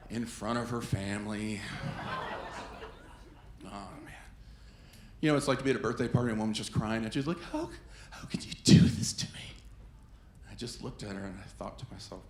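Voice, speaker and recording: A man's voice: lowish voice, a little fast, gravelly, long pauses, a little hiss or hum. A man performing a stand-up comedy set on a club stage, telling stories and acting out quoted voices. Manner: animated storytelling with quoted voices. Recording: echoey club with faint ambience.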